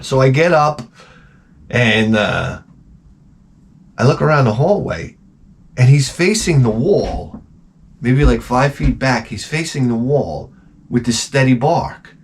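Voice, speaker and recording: Animated, foul-mouthed middle-aged man telling stories. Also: slow pace, pauses often, husky. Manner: animated, profane, jumps into high-pitched exclamations when quoting himself. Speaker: host. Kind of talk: casual storytelling rant.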